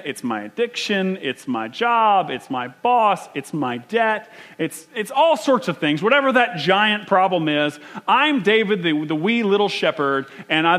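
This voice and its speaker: A man preaching a sermon, animated and emphatic, often restarting his phrases. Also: sits high. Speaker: pastor.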